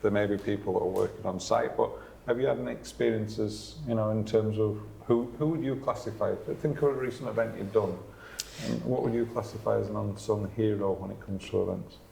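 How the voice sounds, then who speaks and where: A man with a low, gravelly voice hosts a podcast, spinning anecdotes with chatty energy. The small meeting room gives an echoey sound with faint ambience behind him. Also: a little fast, a little hiss or hum. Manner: animated storyteller, chatty. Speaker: podcast host. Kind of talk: casual conversation, anecdotes.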